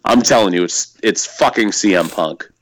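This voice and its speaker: A man's voice: deep voice, moderate pace, low-quality recording. A man co-hosting a podcast, rambling and laughing a lot as he swears his way through casual wrestling chat. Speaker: podcast co-host.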